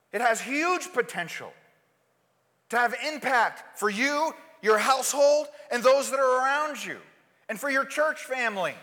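A male pastor preaching a sermon, shifting between loud, forceful outbursts and soft, quiet asides. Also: very high-pitched, in a large hall.

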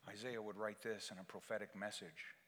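A man preaching a solemn, deliberate sermon as pastor, reading scripture and leading communion in a church. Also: lowish voice, little pitch movement, a bit bright, long reverb tail. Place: church sanctuary.

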